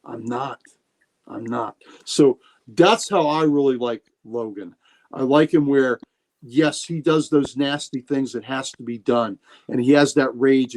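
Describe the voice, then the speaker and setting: A man's voice: medium pitch, darkish tone. A man co-hosting a casual podcast, retelling comic scenes with many restarts and fillers. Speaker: podcast co-host.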